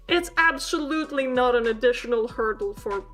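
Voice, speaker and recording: High, bright woman teaching. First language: Swedish. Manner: chatty and giggly, quick to laugh at her own jokes. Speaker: VTuber language teacher. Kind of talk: casual streamed language lesson.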